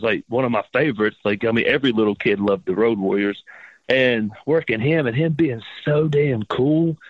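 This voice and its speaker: A man's voice: mid-range voice, no room sound, narrow, tinny audio. A man, a professional wrestler guest, telling stories in a casual interview and acting out the lines he quotes with big jumps in his voice, swearing freely.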